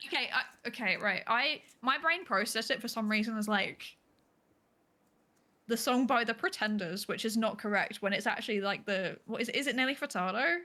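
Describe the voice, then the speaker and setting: Northern irish woman streaming, high bright voice, giggles a lot, laughs at herself. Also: normal speed. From Northern Ireland. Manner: giggly, self-deprecating. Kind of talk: casual chat.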